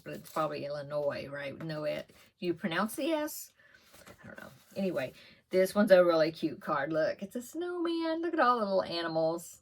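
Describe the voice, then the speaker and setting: Older woman, slightly low voice, chatty, laughs often, casual vlog. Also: a bit bright. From Texas. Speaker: podcast host. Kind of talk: casual vlog, opening mail.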